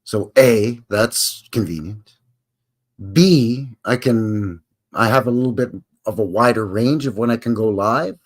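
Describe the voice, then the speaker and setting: A man's voice: mid-range voice, unhurried. A man in his fifties hosting a casual live stream from home, chatting to viewers in a folksy, rambling way. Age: 50s.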